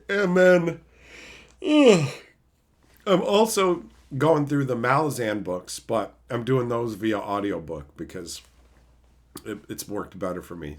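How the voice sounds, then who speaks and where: Animated, bright-voiced ranting male streamer. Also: fairly low pitch. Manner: profane, ranting. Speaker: streamer reading chat. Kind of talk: casual livestream chat.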